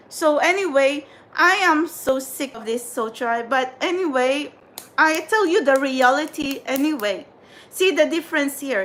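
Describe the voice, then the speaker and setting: A woman with a high, light voice rants on her livestream, exasperated and scolding, circling back to the same points again and again. A faint hum sits behind her. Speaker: tarot livestream host. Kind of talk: frustrated livestream rant.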